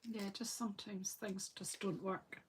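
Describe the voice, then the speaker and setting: Woman chatting slowly while crafting. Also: medium pitch, steady tone, a little hiss or hum. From Scotland. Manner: chatty, thinking aloud while working. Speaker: craft demonstrator. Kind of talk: live crafting chat.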